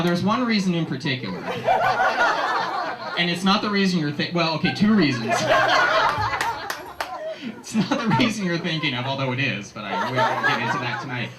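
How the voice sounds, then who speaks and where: Man giving a joking wedding toast. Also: a little high. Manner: joking, rambling, laughs often. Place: restaurant reception. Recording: echoey room with loud crowd noise.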